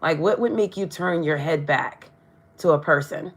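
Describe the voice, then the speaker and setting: A woman's voice: sits low, moderate pace. A woman doing a live tarot reading, chatting to her viewers and often stumbling over her words. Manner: chatty, addresses viewers directly. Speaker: tarot reader.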